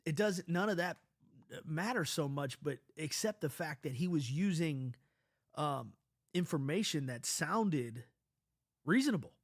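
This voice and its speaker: A stuffy-nosed man tells a personal story straight into the mic, his voice sitting a little high for a man. He rambles and swears freely, restarting sentences as he goes. The sound is close and dry. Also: unhurried, no echo. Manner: profane, rambling, animated, with many restarts. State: stuffy from a cold. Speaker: parent telling a personal story. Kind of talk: casual storytelling monologue.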